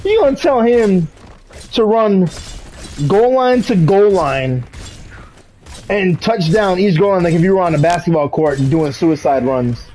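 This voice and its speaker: A young man streaming a game, chatting casually and telling animated stories with frequent laughs and slang. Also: high-pitched, unhurried, long pauses, slight background noise, poor audio. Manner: animated storytelling, laughs often, swears, says "bro". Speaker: gaming streamer. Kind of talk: casual live-stream chat while gaming.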